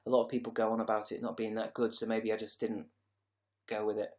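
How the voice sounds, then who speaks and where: A man's voice: fairly low pitch, completely flat delivery, fast talker. A tired man hosting a casual livestream, rambling sarcastically and reading out viewer comments. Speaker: livestream host.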